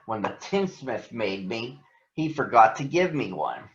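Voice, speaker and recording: A man voicing a gentle, heartless male tin man from a storybook, in a soft, grateful way. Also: mid-range voice, big pitch swings, unhurried. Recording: roomy, dull sound.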